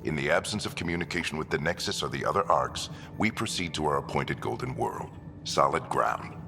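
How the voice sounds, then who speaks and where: An actor playing a stern middle-aged father who leads a space expedition, calm and commanding. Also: a bass voice, a little fast, gravelly, background noise. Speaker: expedition leader. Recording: game audio with music and long reverb.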